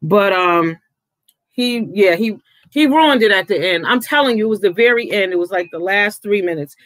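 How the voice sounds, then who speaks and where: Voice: mid-range voice, lively intonation, moderate pace, fairly bright tone, no echo. A vlogger giving outspoken, casual commentary, swearing freely, with the voice jumping up when riled.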